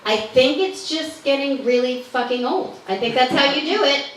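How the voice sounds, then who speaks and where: A woman's voice: sits high, normal speed, fairly bright tone. A woman doing a stand-up routine, chatty and wry, swearing casually. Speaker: stand-up comedian. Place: comedy club stage. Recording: echoey room, distant mic.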